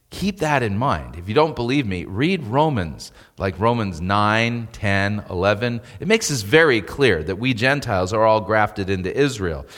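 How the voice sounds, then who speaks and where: A male pastor delivers a sermon in a relaxed, conversational way, now and then building to emphatic peaks. His voice sits in an ordinary middle pitch. The sound carries a long reverb, like a church sanctuary.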